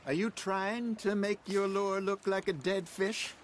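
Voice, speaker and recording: An actor playing a wry, seasoned outlaw who spins folksy, unhurried fishing yarns in a video game. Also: male voice, sits high, fairly even intonation, slight background noise. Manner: folksy, unhurried yarn-spinning.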